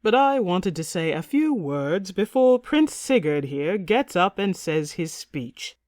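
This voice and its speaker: A woman reads a blustering, half-drunk king in a storybook, loud and pompous. The recording is close and dry. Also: on the low side, sing-song, slow pace, no echo. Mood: speechmaking. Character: boisterous tipsy middle-aged king. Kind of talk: audiobook character reading.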